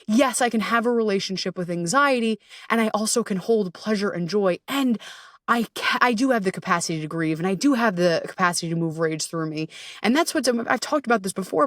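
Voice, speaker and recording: A woman's voice: mid-range voice, no room sound, studio quality, distant mic. A woman hosting a podcast as a coach, talking candidly and self-deprecatingly, swearing freely and laughing often.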